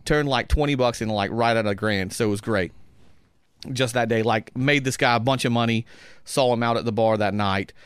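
A man telling a long story as a podcast guest in casual chat, animated, acting out quoted voices and laughing often. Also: mid-range voice, fairly quick, clear, resonant tone, dry recording, studio quality.

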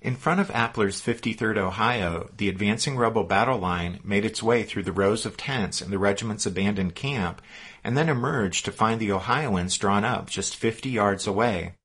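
A man reading scripted historical narration in a measured storytelling manner. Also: fairly low pitch, a bit bright, husky.

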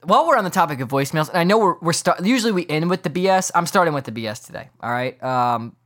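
A man's voice: a little high, expressive, fast talker, fairly bright tone. A man hosting a casual sports podcast, ranting in a rambling, incredulous way. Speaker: podcast host.

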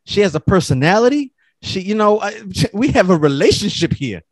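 A man with a high-pitched voice talks fairly quickly in casual chat, caught on a dry recording. He's an animated storyteller who swears a lot and acts out what people said.

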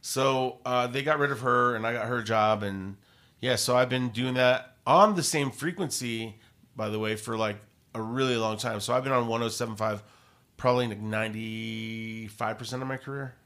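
Chatty radio host telling stories. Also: male voice, medium pitch, normal speed. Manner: rambling, animated, many fillers and restarts. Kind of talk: casual interview storytelling.

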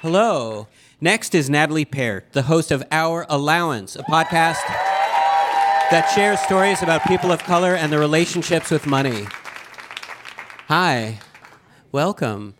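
A man's voice: fairly high pitch, a little slow, pauses often. A man hosting a live interview with podcast finalists, joking and chatty, stumbling into restarts. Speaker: host. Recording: lively crowd and noise behind.

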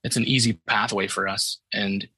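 A man's voice: on the low side, steady tone, normal speed, bright, forceful tone, breathy edge, no echo. A man hosting a conversation, responding in an affirming, emphatic way. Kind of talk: casual conversation.

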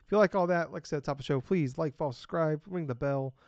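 A man co-hosting a casual podcast, self-deprecating and halting with many fillers. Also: fairly high pitch, darkish tone, no echo, highs cut off. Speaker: podcast co-host.

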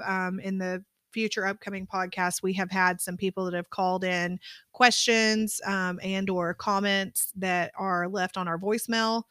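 A woman co-hosts a podcast in a casual, soft-spoken way, often pausing with fillers. Her voice sits at a middle pitch and sounds dry and close. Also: smooth, no room sound. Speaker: podcast co-host.

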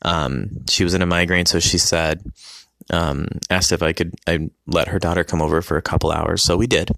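A man casually telling a personal story about his family, halting with many ums and restarts. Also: sits low, steady tone, vocal fry, a bit bright, dry recording, studio quality.

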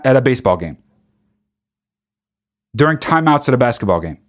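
Lively, profane man ranting comedically. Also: medium pitch. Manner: profane, exasperated ranting with mock singing. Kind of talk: stand-up style comic rant.

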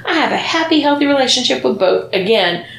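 A woman's voice: high-pitched, lively intonation, quick pace, gravelly, fairly bright tone. A woman co-hosting a podcast, chatting casually and reading listener comments aloud, blunt and profane, laughing often. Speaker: podcast co-host. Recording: echoey room with faint noise.

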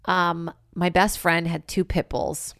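A woman in her thirties hosts a podcast and tells a wild story in loose, profane chat, with "like" in almost every sentence. Her voice sits on the low side for a woman. The sound is close and dry. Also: slow, gravelly, no echo. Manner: animated, profane, filler-heavy with lots of "like". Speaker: podcast host. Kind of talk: casual comedic storytelling.

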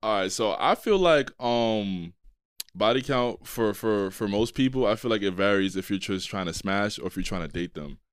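A young man hosting a podcast, giving his views in a relaxed, somewhat hesitant casual chat. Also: lowish voice, moderate pace, smooth, no echo, studio quality. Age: young adult. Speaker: podcast host.

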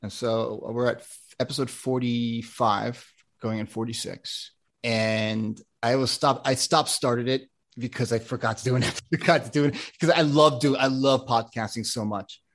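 A man's voice: mid-range voice, steady tone, moderate pace, a bit bright. An American man, an ADHD coach, talking in a casual podcast interview, rambling with many restarts and plenty of enthusiasm. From United States.

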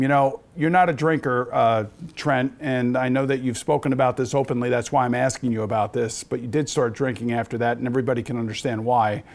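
A middle-aged man hosting a podcast, asking questions in a measured, sympathetic way. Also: medium pitch, creaky. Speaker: podcast host. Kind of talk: interview questions.

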